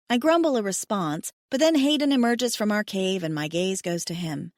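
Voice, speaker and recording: A woman narrating a first-person romance audiobook, expressive, wry and emotional. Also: medium pitch, moderate pace, few pauses, dry recording, clean studio sound.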